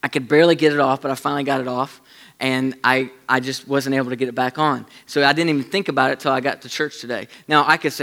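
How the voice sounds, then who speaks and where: A man preaching a sermon, telling a story in an animated way and dropping to a hush for emphasis. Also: a little high, brisk. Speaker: pastor.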